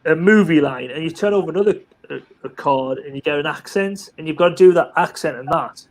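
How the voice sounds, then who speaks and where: A man with a notably high speaking voice chats casually on a live group call. He tells film trivia and anecdotes with animated energy, often restarting his sentences. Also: fairly quick. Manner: chatty, animated storyteller with many restarts. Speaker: live chat participant. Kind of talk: casual chat.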